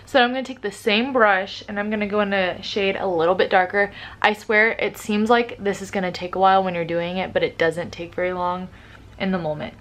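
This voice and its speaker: A woman's voice: medium pitch, fairly even intonation, brisk, fairly bright tone. Young woman, upbeat beauty vlogger, casual tutorial chat. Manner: chatty, upbeat, says "like" often.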